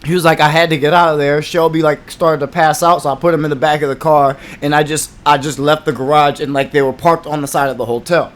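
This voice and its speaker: A man's voice: a little high, steady tone, quick pace, hardly any pauses. A man co-hosting a podcast, telling a story in casual chat, swearing, laughing and acting out what people said. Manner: profane, laughing, acts out quotes. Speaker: podcast co-host.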